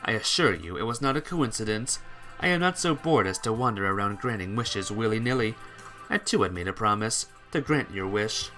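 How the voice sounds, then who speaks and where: A man voicing a cold, scheming doctor who speaks slowly, calmly and condescendingly. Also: on the low side, soft background music. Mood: smug. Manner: slow, calm and condescending. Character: cold scheming male doctor, calm and smug.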